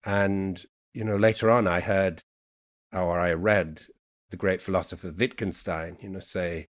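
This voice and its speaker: Low-voiced musing man, Yorkshire-Irish lilt. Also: steady tone. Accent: mixed Yorkshire, Irish and Americanized English. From Yorkshire, England. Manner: unhurried, musing storyteller with many "you know"s. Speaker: poet guest. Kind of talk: reflective podcast conversation.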